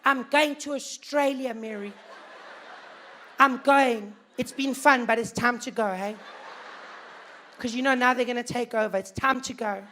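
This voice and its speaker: A man's voice: extremely high pitch, unhurried, pauses often, bright, forceful tone, a little hiss or hum, pitched above the performer's own voice, full character voice. A man putting on the voice of a fretful ready to emigrate, whining and repeating himself in a stand-up set. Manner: whiny, repeating himself, anxious.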